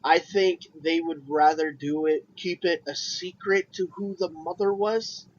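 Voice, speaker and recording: A man's voice: on the high side, fairly even intonation, unhurried. A man co-hosting a podcast in casual chat, hesitant and often repeating words. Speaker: podcast co-host. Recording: dull lo-fi sound.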